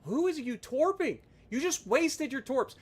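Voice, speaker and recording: A man streaming live gameplay, ranting loudly and sarcastically at his teammates between calm play-by-play commentary. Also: very high voice, unhurried. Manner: loud, exasperated ranting with sarcastic asides.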